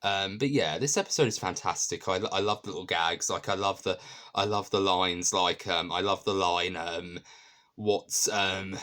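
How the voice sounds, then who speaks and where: A man's voice: deep voice, normal speed, fairly bright tone. A man casually reviewing a TV episode, enthusiastic and rambling, with many ums and restarts.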